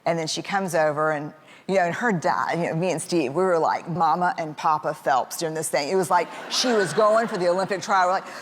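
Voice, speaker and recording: A woman with a lowish voice talks a little fast, sharing a family story in a loose, conversational way full of fillers and bits of laughter. She performs her relatives' quoted words, and the echoey hall recording has faint background noise.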